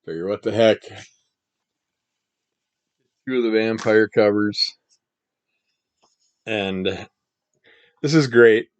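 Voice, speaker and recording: A man reviewing comic books in a casual, rambling monologue, his voice scratchy from the morning and his throat needing clearing. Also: fairly low pitch, slow pace, long pauses. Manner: rambling, relaxed, trails off mid-sentence.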